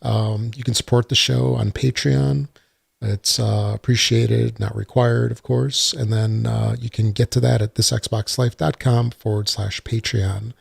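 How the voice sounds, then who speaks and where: A man's voice: medium pitch, flat delivery, measured pace, creaky, breathy edge, no echo. A man hosting a casual solo gaming podcast, rambling with lots of uhs and some dry sarcasm. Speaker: podcast host. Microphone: desktop computer mic.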